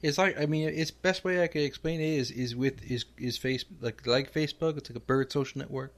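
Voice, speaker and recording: Man voicing a loon, deadpan, keeps saying "eh?", middle-pitched, improvised comedy interview. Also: a little fast, close to an everyday voice. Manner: deadpan, tags lines with "eh?". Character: Canadian male loon, clannish and deadpan.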